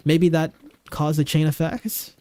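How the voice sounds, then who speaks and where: Male streamer, pitched high with a warm tone, chatty and rambling as he answers his viewers. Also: little pitch movement, measured pace, dry recording. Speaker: game streamer. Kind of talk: casual live-stream chat. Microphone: desk microphone.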